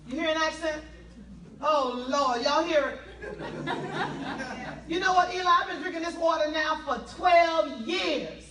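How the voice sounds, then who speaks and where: A woman from South Carolina with a Southern accent, telling her life story to an audience in an animated way and drawing answers from the crowd. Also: high voice, a little slow, long pauses, reverberant, recorded from a distance, noisy background. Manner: animated, laughing, call-and-response with the crowd. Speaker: motivational speaker. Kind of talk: testimony speech to an audience.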